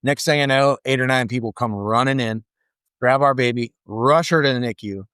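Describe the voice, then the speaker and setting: A middle-aged man recounts a personal family story with earnest feeling, his voice at an ordinary middle pitch. He is recorded dry and close, with no room sound around him. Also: moderate pace, smooth, no room sound. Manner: earnest, animated, acts out quoted voices. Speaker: podcast guest.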